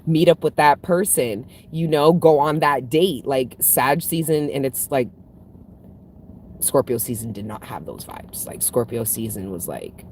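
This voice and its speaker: A woman's voice: extremely low pitch, a little slow, a little mellow, slight background noise. A woman hosting a spiritual livestream, chatting casually and frankly with viewers, swearing freely and laughing often. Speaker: spiritual reader and livestream host. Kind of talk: casual livestream chat reading viewer comments.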